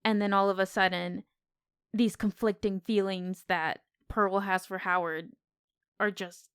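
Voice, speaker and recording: A woman co-hosting a casual film podcast, talking in an animated, exclamatory way. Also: mid-range voice, unhurried, clean tone, no echo, clean studio sound. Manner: animated, exclamatory, acts out quotes. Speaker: podcast co-host.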